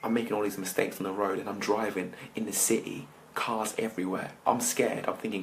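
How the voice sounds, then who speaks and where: An English man, a motivational speaker, tells a lively personal story and talks to the listeners directly. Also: lowish voice, fairly quick, few pauses, a little hiss or hum. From England. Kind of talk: storytelling talk.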